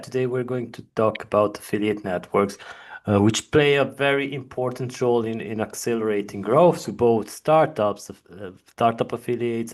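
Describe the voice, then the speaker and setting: Brief: man, fairly low voice, panel moderator on a video call, chatty, stumbles and restarts. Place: office.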